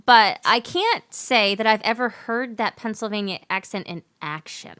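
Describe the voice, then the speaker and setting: A woman with a high, bright, ringing voice chats casually between songs. Her pitch swings widely and she laughs easily. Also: animated, clear, resonant tone. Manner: chatty, quick to laugh. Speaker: singer-songwriter.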